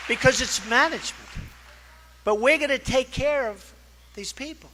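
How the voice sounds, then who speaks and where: A man's voice: very high voice, a little fast, a crowd in the background, noisy background. A male political candidate giving a campaign speech at a fundraising dinner, boastful and repetitive, wandering into asides and acting out quoted exchanges. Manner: conversational, acts out quoted exchanges.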